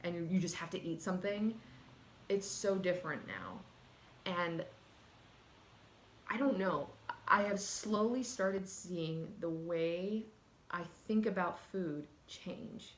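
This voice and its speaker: A woman's voice: on the low side, expressive, takes it slowly. A woman talking candidly and earnestly in a personal vlog, emotional at times and casual with fillers. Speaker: vlogger. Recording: echoey room.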